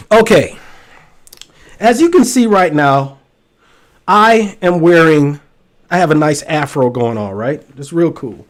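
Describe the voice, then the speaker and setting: A man hosting a casual livestream chat, joking and animated as he talks straight to his viewers. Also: on the high side. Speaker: host.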